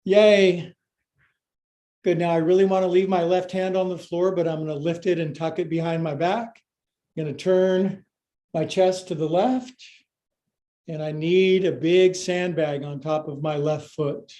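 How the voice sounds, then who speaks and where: A man's voice: a little high, fairly even intonation, measured pace, warm tone. A male yoga teacher leading a live-streamed class, cueing poses with playful jokes and sometimes out of breath.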